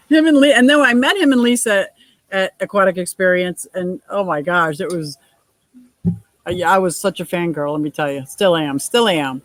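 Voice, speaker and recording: A woman's voice: medium pitch, animated, moderate pace, no echo, poor audio. A middle-aged woman hosting a casual livestream chat, reading out viewer comments and laughing often. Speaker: livestream host.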